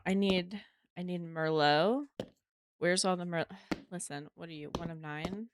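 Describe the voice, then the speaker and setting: Slow-talking, low-voiced woman streamer. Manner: chatty, swears freely, talks to herself while playing. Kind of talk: casual live-stream chat.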